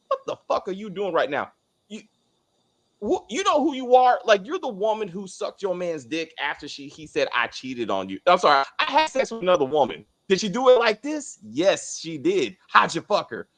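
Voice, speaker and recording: High-voiced guy ranting about a tv show, swears a lot, super animated. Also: normal speed. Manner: heated, profane ranting with frequent restarts. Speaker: co-host of a TV review show. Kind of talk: casual spoiler review chat.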